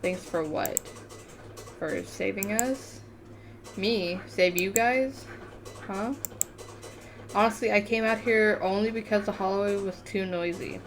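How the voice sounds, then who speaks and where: A woman's voice: mid-range voice, slow pace, pauses often, slight background noise. A woman reading the lines of a cold, bookish teenage schoolboy in a story game, curt and dismissive. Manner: curt and dismissive, read plainly.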